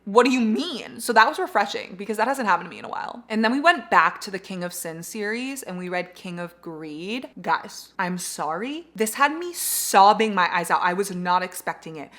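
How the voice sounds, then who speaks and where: A young woman talking casually and excitedly about books she read, gushing and slangy, full of "like". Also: mid-range voice, moderate pace, few pauses. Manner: gushing, animated, slangy with lots of "like". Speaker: book vlogger. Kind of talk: casual book review chat.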